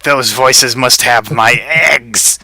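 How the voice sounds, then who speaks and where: A man voicing a menacing male rabbit who hunts down stolen eggs, drawling slow threats. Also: mid-range voice, sharp tone, no room sound, full character voice.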